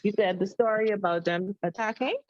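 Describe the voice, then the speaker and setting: A woman, a class participant, answering a question in a hesitant, halting way during an online class. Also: medium pitch, darkish tone, dry recording, highs cut off.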